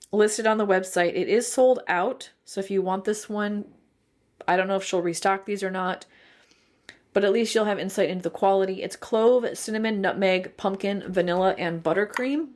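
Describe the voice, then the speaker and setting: A woman's voice: mid-range voice, moderate pace. A woman, giving a chatty, detailed candle review and thinking aloud as she goes. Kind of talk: casual review vlog.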